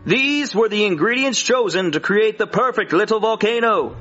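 A man's voice: sits high, animated, moderate pace, bright, forceful tone, muffled recording, faint music behind. A man narrating a mock cartoon intro in a dramatic storybook manner.

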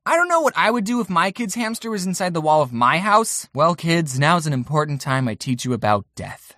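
A man in his twenties narrating comedic scripted stories, with deadpan jokes. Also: high voice, no room sound, clean studio sound. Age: 20s. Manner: deadpan jokes, animated ups and downs. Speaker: animated storytelling YouTuber.

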